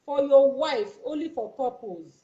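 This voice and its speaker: A woman's voice: sits high, measured pace, dark tone, highs cut off. A woman with a Nigerian accent gives a casual step-by-step demonstration to her viewers. She talks in a coaxing, repetitive way and keeps checking that they are following. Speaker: YouTuber.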